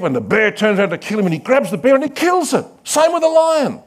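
A male pastor preaching a sermon, dramatic, swinging from loud calls to hushed asides and acting out quoted voices. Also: high-pitched, huge pitch swings, quick pace, hardly any pauses.

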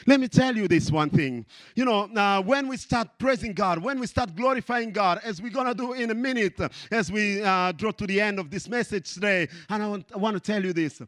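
A man preaching a passionate sermon in English, which is not his first language, repeating phrases and rising to shouts of praise. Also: high-pitched, a little fast, few pauses, no room sound.

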